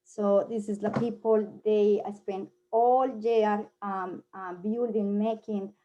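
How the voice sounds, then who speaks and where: A woman from Colombia with a Colombian Spanish accent, giving a casual presentation, often pausing with fillers while she searches for words. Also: mid-range voice, steady tone, highs cut off. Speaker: guest presenter.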